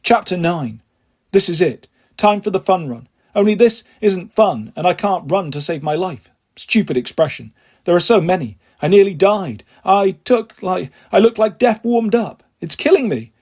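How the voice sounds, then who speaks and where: A man reads a children's novel aloud, telling it steadily in the first person. His voice is husky and breathy and sits high for a man. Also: expressive, normal speed, a little mellow. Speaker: audiobook reader.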